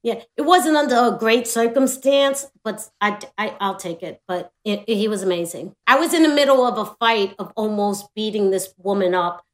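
A woman's voice: medium pitch, normal speed, few pauses. A middle-aged woman, a show guest, telling a story in casual chat, laughing and acting out the voices.

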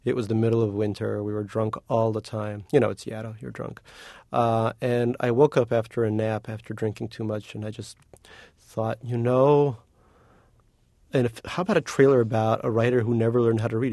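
Novelist guest, male, gravelly and lively, joking, dry close sound. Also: on the low side, dry recording. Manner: animated and joking, quick to laugh. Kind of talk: casual interview chat.

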